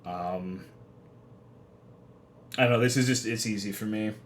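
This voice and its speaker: A man's voice: lowish voice, measured pace, slight background noise. A young man streaming live, chatting casually with his viewers in a rambling, profane, self-deprecating way. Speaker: livestreamer. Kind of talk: casual livestream chat.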